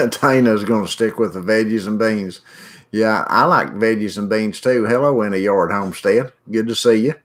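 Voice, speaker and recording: A middle-aged man with a lowish voice hosts a relaxed livestream. He talks in a folksy, rambling way, greeting viewers by name and chatting about whatever comes up in the comments. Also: normal speed. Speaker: livestream host reading viewer chat. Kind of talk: casual chat.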